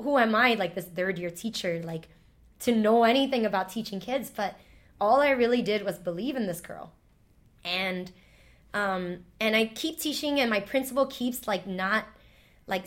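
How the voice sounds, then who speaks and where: A woman's voice: mid-range voice, fairly bright tone. A woman, a former teacher, telling a heartfelt personal story in an interview, emotional and full of "like" fillers.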